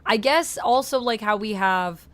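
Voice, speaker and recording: A young woman with a Canadian accent chatting casually to her viewers while playing a game live, reading out chat and filling pauses with "uh" and "like". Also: on the high side, fairly bright tone. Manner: chatty, reads chat aloud, frequent fillers. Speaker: streamer. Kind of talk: live-stream gameplay chat.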